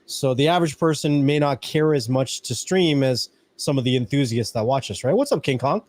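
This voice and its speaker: A man's voice: mid-range voice, lively intonation, fairly quick, a little mellow, no echo. A man hosting a casual live-stream podcast, talking through a point and checking in with "right?" as he goes. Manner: conversational, keeps tagging "right?" onto his points. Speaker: podcast host.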